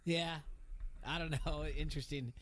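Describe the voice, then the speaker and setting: A man's voice: a little high, steady tone, moderate pace, a bit bright. A man hosting a sports radio show who tells long, rambling stories and laughs often. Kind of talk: casual chat.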